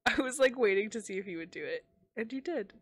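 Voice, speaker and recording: A woman's voice: fairly high pitch, lively intonation, fast talker. A woman co-hosting a casual book podcast on a livestream, who laughs often, agrees readily and reads out viewer comments. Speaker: podcast co-host.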